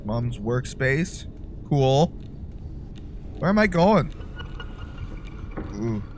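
A man's voice: medium pitch, very animated, very slow, a little hiss or hum. A young man doing casual gameplay commentary, jokey and profane, breaking into sudden yelps. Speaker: let's-play gamer.

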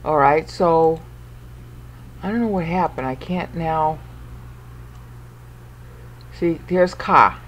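Woman, Bible study screencast, low-ish voice, very slow, patient explainer who restarts often. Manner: patient and explanatory, counting syllables aloud; self-interrupting, with small restarts and asides. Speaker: Bible commentator.

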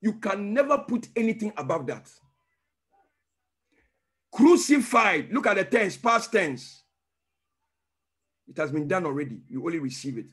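A man's voice: high-pitched, sing-song, a little slow, long pauses, fairly bright tone, slightly rough. A male pastor teaching a sermon emphatically, using call-and-response questions and breaking into tongues.

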